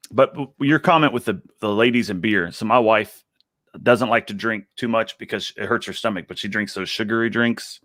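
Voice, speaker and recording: A man's voice: on the low side, a bit bright, no echo, studio quality. A man from Texas, a guest on a live video chat, joking around and laughing often. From Texas, United States.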